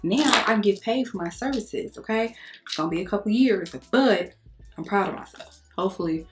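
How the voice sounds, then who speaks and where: A young adult woman chatting frankly to her viewers, telling animated stories and cussing casually. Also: mid-range voice, fairly quick, music in the background. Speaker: beauty vlogger. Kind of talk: casual chat to camera.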